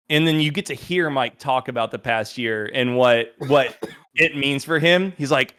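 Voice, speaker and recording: A man's voice: medium pitch, a little slow. A man telling a road trip story in a casual podcast chat, acting out the people he quotes. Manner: animated storyteller who acts out quotes. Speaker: podcast guest.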